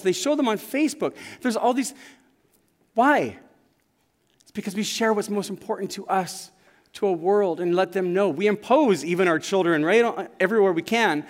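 This is a sermon from a male pastor whose high-pitched voice moves at a normal speed. He tells stories earnestly and conversationally inside a church sanctuary, where the large hall leaves a long reverb on everything.

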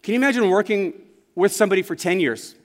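Speaking quickly in a high voice, this male pastor delivers a sermon from a church sanctuary. His storytelling is earnest and conversational, and the big church hall gives the audio a long, lingering reverb.

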